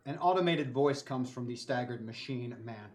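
A man narrating a tabletop game as game master, relaxed and descriptive. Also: medium pitch, moderate pace, a little hiss or hum.

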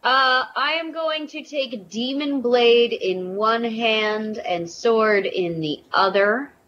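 A woman taking her turn in a tabletop game, unhurried and hesitant, filling gaps with pauses. The recording is dull and lo-fi. A faint hiss sits behind her. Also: a little high, a bit bright. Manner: slow and hesitant, with many "um" pauses. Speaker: player. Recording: dull lo-fi audio with faint noise.

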